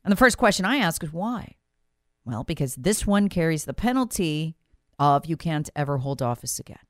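A woman delivers an emphatic political commentary monologue as a talk show host. Her voice sits low and swings widely in pitch as she piles on sarcasm and repeats words for emphasis. The sound is dry and close. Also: big pitch swings, normal speed, dry recording.

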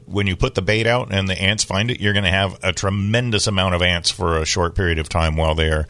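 A man hosting a call-in garden radio show, giving relaxed, practical advice to callers. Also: deep voice, fast talker, no echo. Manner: relaxed, informative, takes calls.

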